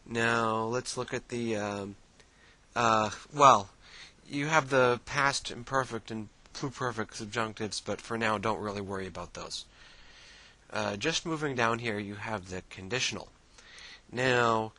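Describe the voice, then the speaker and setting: Man teaching casually with a bright voice. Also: fairly low pitch, rough recording. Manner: casual, relaxed teaching with many fillers and restarts. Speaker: language teacher. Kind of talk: screen-share tutorial explanation.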